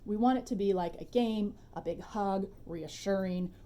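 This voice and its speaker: A woman dog trainer giving a relaxed, chatty demonstration tutorial at home, with informal asides. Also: medium pitch, moderate pace, slight background noise.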